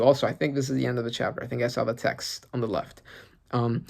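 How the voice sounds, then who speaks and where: A man giving casual reaction commentary as a channel host, excitable and rambling as he thinks aloud. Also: mid-range voice, fairly quick, vocal fry.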